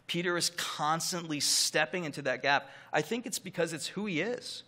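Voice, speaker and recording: Bright-voiced man preaching a sermon. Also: fairly high pitch, moderate pace, hardly any pauses. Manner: earnest, emphatic preaching with rising and falling emphasis. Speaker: pastor.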